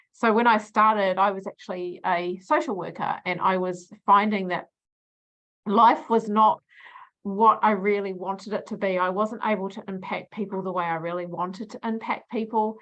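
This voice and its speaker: A woman's voice: mid-range voice, a bit bright. An older woman hosting a business launch, telling her own story with upbeat enthusiasm. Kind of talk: welcoming presentation speech. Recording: slightly dull, lo-fi sound.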